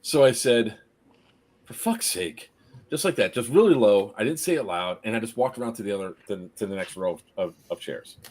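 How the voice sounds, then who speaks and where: Guy streaming, telling a story, kinda husky voice, acts out everyone, laughs a lot. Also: fairly low pitch, fast, few pauses. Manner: animated, laughs often, acts out the people in the story. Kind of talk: casual storytelling on a live stream.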